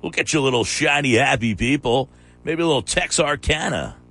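A man's voice: mid-range voice, lively intonation, creaky, sharp tone. A man hosting a sports radio show, chatting casually and challenging his co-host's claims. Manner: argumentative, quick to challenge.

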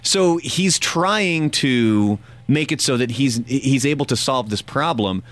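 A man's voice: mid-range voice, animated, slow, a bit bright. A man in his forties hosting a morning radio show, talking casually with a slight lisp and a dry, self-deprecating humor. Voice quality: slight lisp from a missing tooth.

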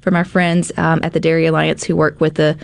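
A woman hosting a casual cooking segment, chatty and animated, with frequent filler words. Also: deep voice, a little fast, creaky, no room sound. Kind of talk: casual cooking demo chat.

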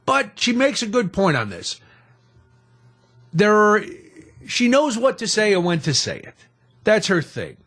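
A man's voice: high voice, wildly swooping pitch, unhurried, long pauses, a bit bright. A middle-aged man hosting a talk radio show, chatting in a rambling, self-deprecating way. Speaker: radio host.

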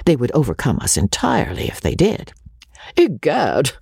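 A man narrating a classic novel in a breathy voice, often sinking to a near-whisper. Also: mid-range voice, wildly swooping pitch, a little fast, darkish tone, dry recording, clean studio sound. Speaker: audiobook narrator. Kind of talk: storybook narration.

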